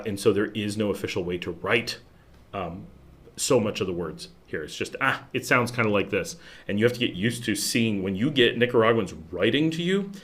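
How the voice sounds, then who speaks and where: A lower-pitched American man hosts a laid-back livestream and answers viewer questions off the cuff. He rambles, restarts his sentences, and sometimes trails off into a mumble. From United States. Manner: rambling and chatty, many restarts, drops to a mumble at times. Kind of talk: casual livestream Q&A. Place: home in Nicaragua.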